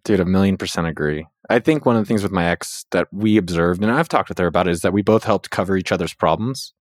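Casting note: man, thirties, quick, low-voiced podcast host, animated storyteller, dry close sound. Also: no echo. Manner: animated storytelling, jumps up in pitch when quoting. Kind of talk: casual podcast chat.

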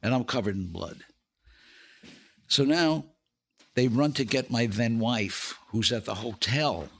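A man's voice: medium pitch, takes it slowly, slightly rough. Older guy telling stories on a podcast, laughs at his own punchlines, takes his time. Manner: animated storyteller, laughs through his punchlines. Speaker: podcast guest, actor and comedian. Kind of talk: casual anecdote telling.

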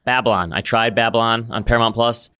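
A man co-hosting a casual podcast, laid-back and quick to chuckle. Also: mid-range voice, steady tone, bright, forceful tone, clear, resonant tone. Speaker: podcast co-host. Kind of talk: casual chat.

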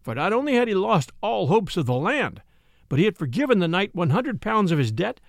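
Lively gravelly male storyteller. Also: high-pitched, fairly quick, dry recording, clean studio sound. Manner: dramatic, expressive reading. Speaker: narrator. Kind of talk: storybook narration.

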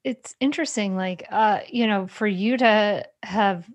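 A woman hosting a podcast interview, animated and speaking straight to her listeners. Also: medium pitch, measured pace. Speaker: podcast host. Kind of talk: conversational interview.

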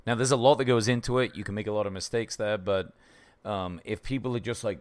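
A low-pitched man co-hosting a podcast in a loose, casual chat. He talks in a laid-back way, and his sentences often fade out quietly at the end. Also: fairly even intonation, fast. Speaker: podcast co-host. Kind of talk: casual chat and host-read ad.

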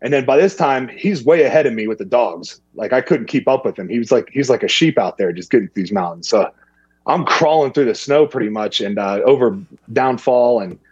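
A man's voice: medium pitch, fairly quick, slightly rough, no echo, lo-fi sound. A man telling a long outdoor story in a casual, rambling way, acting out the people he quotes. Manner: rambling, animated when quoting others. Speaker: guest.

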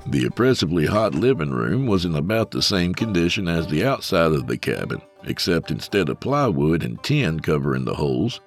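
A man narrating an audiobook in a dry, profane storytelling manner. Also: deep voice. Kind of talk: scripted narration.

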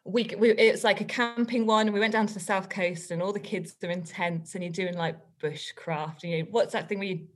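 Woman, lively storyteller, laughs often, casual podcast chat. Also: medium pitch, moderate pace, hardly any pauses. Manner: chatty, animated, laughing often. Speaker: guest author and teacher.

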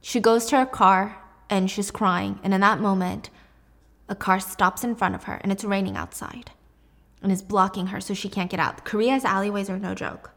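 A woman casually recapping a drama, expressive and animated, laughing often. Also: mid-range voice, moderate pace, vocal fry.

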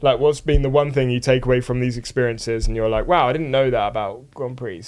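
A man's voice: medium pitch, brisk, darkish tone, smooth. A young man co-hosting a podcast, chatting casually and reading out listener questions. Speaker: podcast co-host. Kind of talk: casual chat.

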